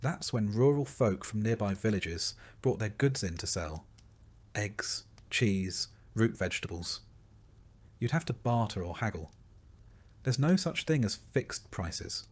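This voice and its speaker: Low-voiced man narrating a bedtime history. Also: expressive, slightly rough. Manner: soft, soothing and unhurried.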